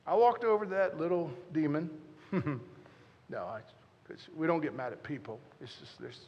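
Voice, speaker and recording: Animated preaching man in a reverberant church. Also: on the high side. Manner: animated, joking, talks straight to the crowd. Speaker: guest pastor. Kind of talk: sermon storytelling.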